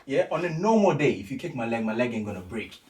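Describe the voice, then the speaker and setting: A man's voice: medium pitch, fast, background noise. A man on a podcast, telling a story animatedly in casual street slang and acting out what others said. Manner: animated, acts out quoted voices, street slang. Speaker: podcast co-host. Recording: echoey room, distant mic.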